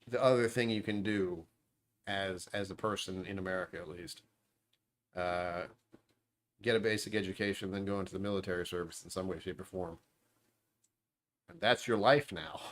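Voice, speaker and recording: A man with a fairly low voice talks into a desk mic at home, hosting a loose, meandering livestream. He drifts between topics with a dry, sarcastic streak and pokes fun at himself. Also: moderate pace, pauses often. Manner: sarcastic, meandering, self-deprecating. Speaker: livestream host. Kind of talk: rambling casual livestream chat. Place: at home, dishwasher running nearby.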